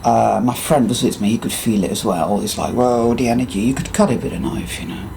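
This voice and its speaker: A man with an English accent, ranting in a casual vlog monologue and telling profane, animated stories. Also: mid-range voice, fairly quick, creaky, slight background noise. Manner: mimics other people's voices. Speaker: vlogger.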